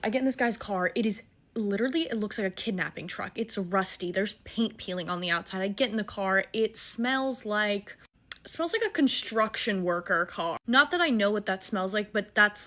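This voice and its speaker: Young woman, bright forceful voice, casual storytime, animated and profane. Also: mid-range voice. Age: 20s. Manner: animated, swearing, self-mocking.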